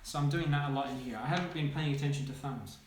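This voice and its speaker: A man, a children's author, reading his own picture book aloud with playful, animated commentary and sound effects. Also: medium pitch, quick pace. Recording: echoey room, faint noise.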